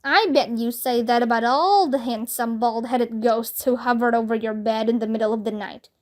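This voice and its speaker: A calm, teasing ghost of a bald school principal, voiced by a woman reading a storybook aloud. The voice sits high and moves slowly and steadily, coaxing rather than frightening. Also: lightly acted.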